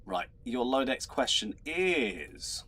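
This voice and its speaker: Chatty quizmaster man, mid-pitched. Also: very animated, slow pace, fairly bright tone. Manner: chatty, laughs often, trips over words. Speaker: quizmaster host. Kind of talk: hosting an online trivia show.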